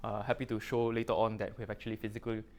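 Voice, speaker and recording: A man's voice: fairly low pitch, little pitch movement, very fast. A middle-aged man with a Singaporean accent gives a technical presentation to an audience, talking informally with lots of fillers and local particles. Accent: Singaporean English. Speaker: guest lecturer.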